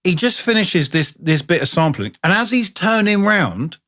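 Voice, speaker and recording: A man's voice: sits high, lively intonation, normal speed, fairly bright tone. A man, co-hosting a podcast in casual chat and telling enthusiastic, sweary stories. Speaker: podcast co-host.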